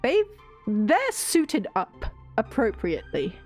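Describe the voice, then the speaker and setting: A woman's voice: a little high, wildly swooping pitch, slow, darkish tone, soft background music. A woman streamer telling a rambling story in casual chat. She swears freely and laughs often.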